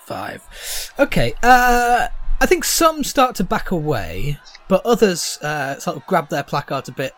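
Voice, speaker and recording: A man running a tabletop game as game master, narrating with many filler pauses. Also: sits high, big pitch swings, fairly bright tone, rough recording.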